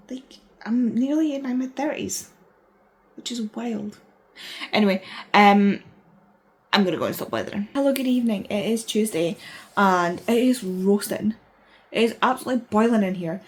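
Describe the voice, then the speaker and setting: A woman in her thirties, chatting casually and excitedly in a rambling way as a book vlogger, sounding tired. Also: mid-range voice, normal speed. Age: 30s. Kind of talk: casual vlog chat.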